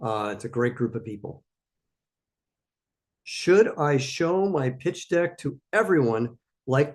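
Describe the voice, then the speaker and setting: A man with a slightly high voice hosts a live Q&A stream for startup founders. His answers are emphatic and coaching in tone, and he repeats his key points.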